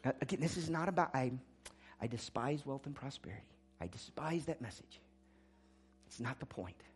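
A male pastor delivering a sermon with real fervor. His voice sits at a middle pitch, dropping low and soft for reflective points, then climbing loud and high to drive a message home. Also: lively intonation, normal speed, soft background music. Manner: impassioned preaching, swinging from quiet to loud.

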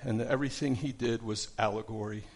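Middle-aged male Bible study teacher, gravelly, mid-pitched, casual with lots of restarts. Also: fairly even intonation, fairly quick. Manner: conversational, many fillers and restarts.

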